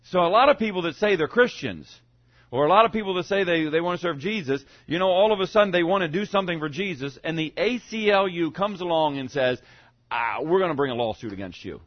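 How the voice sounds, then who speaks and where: A man preaching a sermon, swinging between loud, fervent cries and hushed, low lines. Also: lively intonation, quick pace, lo-fi sound.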